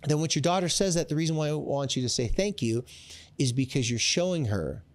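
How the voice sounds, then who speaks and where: A man hosting a therapy podcast, talking straight to fathers in an animated coaching manner and acting out little scenes. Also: mid-range voice, no room sound. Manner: coaching, direct address to dads. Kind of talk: podcast advice talk.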